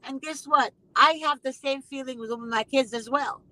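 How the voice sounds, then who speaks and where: A woman's voice: sits high, fairly even intonation, normal speed, sharp tone, no echo, rough recording. A woman hosting a casual conversation, speaking emphatically and repeating phrases with indignation. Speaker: host.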